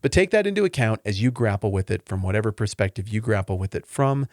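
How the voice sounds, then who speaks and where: This fast-talking man hosts a laid-back Bible teaching podcast, his voice clean and free of echo. Earnest and rambling, he wears his emotions openly, and his conversational delivery rises and falls in pitch.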